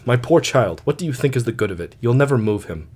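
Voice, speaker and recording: A man's voice: mid-range voice, expressive, fast talker, darkish tone, slightly rough. Man voicing a practical uneasy doctor. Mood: firm. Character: practical, uneasy middle-aged male doctor.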